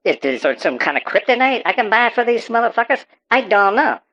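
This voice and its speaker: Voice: mid-range voice, very animated, a little fast, fairly bright tone. A performer playing a paranoid rural farmer who rambles and stammers through profane rants about super pigs. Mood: ranting. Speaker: interviewee on a call-in show. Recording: dull, muffled audio.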